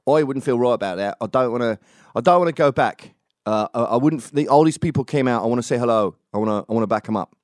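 A man doing a rough impression of a stubborn Englishman with a Luton accent, as he quotes him in casual chat. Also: mid-range voice, quick pace, darkish tone, no echo, studio quality, close to an everyday voice.

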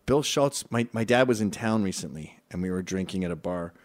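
A man's voice: sits low, a little fast. A man hosting a casual comedy talk show, telling stories with swearing and acting out voices. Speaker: podcast host.

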